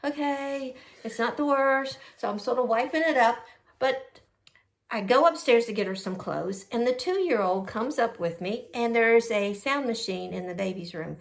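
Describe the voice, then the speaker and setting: Animated high-voiced woman telling stories. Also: moderate pace, gravelly. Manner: animated, quotes people in a jumpy high voice. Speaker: host. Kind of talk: casual storytelling.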